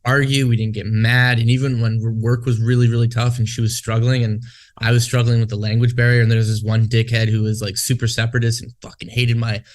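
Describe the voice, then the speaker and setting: A man's voice: mid-range voice, flat delivery, quick pace. A man from Canada, talking in a casual podcast chat. He swears freely and rambles off on tangents. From Western Canada. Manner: profane, rambling, goes off on tangents. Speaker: podcast co-host.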